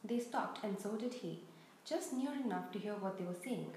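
A woman reading a storybook aloud with expressive, steady narration. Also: mid-range voice, moderate pace. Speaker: reader. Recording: very echoey room, faint noise.

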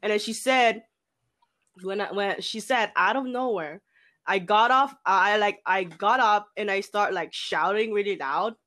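A woman's voice: medium pitch, measured pace, a bit bright. A young woman chatting casually among friends, laughing often as she talks. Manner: giggly, breaks into frequent laughter.

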